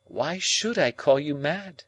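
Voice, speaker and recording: A cold, proud young woman, as a male narrator voices her in an audiobook. She lifts her voice only slightly and reasons in slow, measured, cutting sentences. The sound is close and dry. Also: fairly high pitch, expressive, a bit bright, husky, dry recording, pitched above the performer's own voice, exaggerated voice. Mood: cool.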